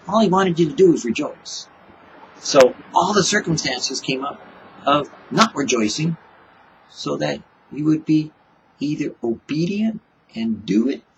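A preacher gives a casual devotional sermon, chatting conversationally and acting out small back-and-forth exchanges with God. His voice is fairly high, and the lo-fi recording carries a slight hiss or hum.

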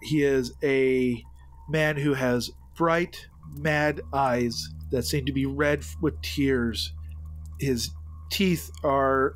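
A man narrating a tabletop game as game master, describing scenes with halting pauses. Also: mid-range voice, steady tone, a bit bright.

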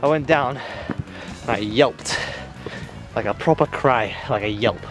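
A man's voice: medium pitch, unhurried, loud music behind the voice. A young man out of breath on a steep outdoor trail, chatting and joking to an absent friend through a handheld camera. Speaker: vlogger. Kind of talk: casual hiking vlog talk to camera.

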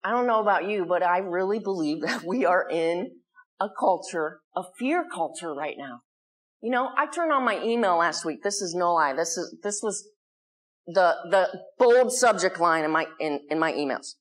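A woman's voice: lowish voice, expressive, moderate pace. An American woman leading a spiritual community, giving an earnest, conversational Sunday talk and putting questions to the people in the hall. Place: community hall before a live audience.

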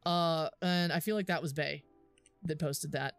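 A woman's voice: on the low side, sing-song, normal speed, pauses often, no echo, faint music behind. A young woman streaming a game, chatting casually and giggling often while she thinks aloud with lots of fillers. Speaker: livestreamer. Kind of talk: casual live gameplay commentary.

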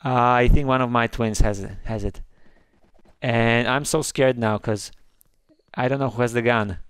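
A man hosting a gaming video, commenting on his play with excitable, jumpy reactions. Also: medium pitch, normal speed, clear, resonant tone, no echo. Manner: jumpy, gasping and squealing when scared.

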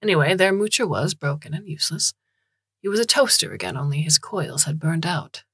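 A woman's voice: low-pitched, animated, a little fast, fairly bright tone, breathy edge, no room sound, clean studio sound, full character voice. A woman voicing a small, rotund, cheerful man who digs canals, breezy and chatty in an audiobook reading.

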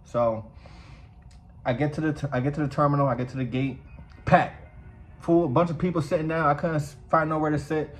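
A man vlogging casually, telling a story in a profane, animated way. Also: on the high side, fairly quick, pauses often, poor audio.

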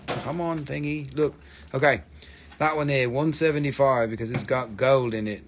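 A man's voice: medium pitch, steady tone, moderate pace, slight background noise. A man hosting a casual live stream that sells minerals, talking loosely and joking around, swearing now and then and spelling out stone names, on a phone mic.

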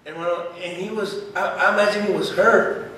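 Man, preacher, high voice, fervent, bursts of shouting, echoey church hall, distant mic. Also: fairly even intonation, normal speed. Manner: fervent, rising to shouts, mixes in Spanish words. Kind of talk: sermon. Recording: echoey room, voice far from the mic.

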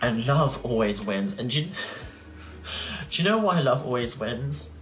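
A man in his twenties, a social media creator, rants heatedly and indignantly on a livestream, swearing often. His medium-pitched voice is expressive and a bit bright, and he talks a little slowly.

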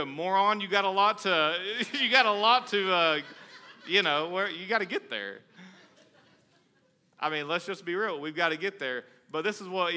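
A man, a pastor preaching a conversational sermon with a casual, joking, energetic manner. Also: on the high side.

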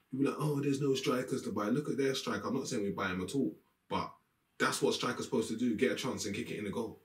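A football fan vents after a match in a room with a green screen, bluntly and irritably ranting about his team and cursing along the way. His voice is on the low side and sounds reverberant, captured from far away.

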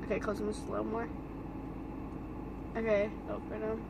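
A teenage girl doing her mother's makeup in a car, bossy and teasing, with sudden loud outbursts and giggles. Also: mid-range voice, monotone, moderate pace, vocal fry, heavy background noise. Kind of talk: casual playful banter.

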